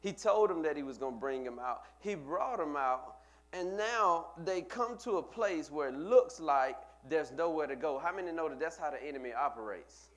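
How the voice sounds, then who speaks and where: Male pastor, fairly high voice, emphatic sermon delivery with building repetition. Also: expressive, moderate pace, a bit bright. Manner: preaching with rising emphatic repetition.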